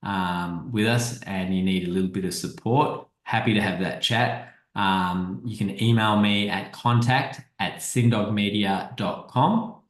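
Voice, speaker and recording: A man's voice: lowish voice, measured pace, hardly any pauses, echoey room, rough recording. A man giving a casual marketing presentation over slides, talking conversationally and often restarting and repeating his words.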